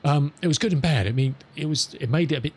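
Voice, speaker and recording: A man's voice: fairly high pitch, slight background noise. Chatty man streaming a flight sim. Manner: chatty, rambling, self-amused, reads radio calls slowly. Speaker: live streamer. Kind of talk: casual chat with viewers while flying.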